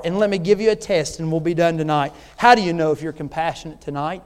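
A man's voice: fairly high pitch, quick pace, hardly any pauses, clear, resonant tone, long reverb tail. A man who is a visiting missionary preaching a sermon, pressing his points with rhetorical questions.

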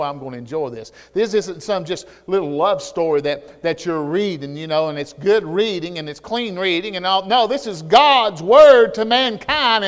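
A male pastor preaching a sermon with passion, sometimes rising to shouts and often restarting his words. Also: sits high. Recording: long hall reverb.

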